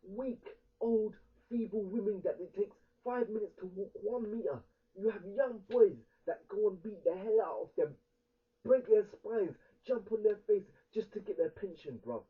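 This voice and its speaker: A man's voice: high-pitched, husky. A young man with a London accent ranting angrily in a heated street argument, repeating himself as he hammers each point. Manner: angry, ranting, repetitive. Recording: tinny lo-fi recording from a distance.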